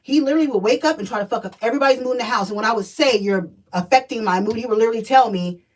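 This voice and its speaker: A woman's voice: fairly high pitch, racing, recorded from a distance, rough recording. Blunt, profane woman storyteller. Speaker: spiritual energy reader. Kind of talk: casual storytelling vlog.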